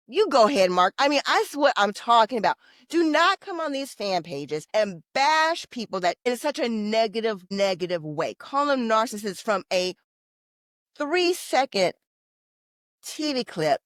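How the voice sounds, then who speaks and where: A woman co-hosting a fan podcast in casual, opinionated chat, her voice jumping up and getting louder when she gets excited. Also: on the high side, a little slow, no room sound. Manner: animated, opinionated, bursts of loudness. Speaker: podcast co-host.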